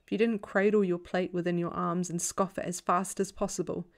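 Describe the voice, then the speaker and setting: A woman reading a novel aloud as a bedtime story in a calm, even storytelling voice. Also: lowish voice, brisk. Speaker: audiobook reader.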